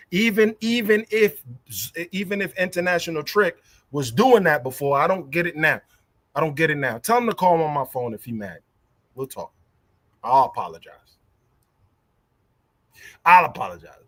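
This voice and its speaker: A man's voice: fairly high pitch, animated, normal speed, a bit bright, dry recording. Heated, profane man ranting on a livestream. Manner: heated, profane, repeats himself. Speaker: livestream host. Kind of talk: casual livestream rant.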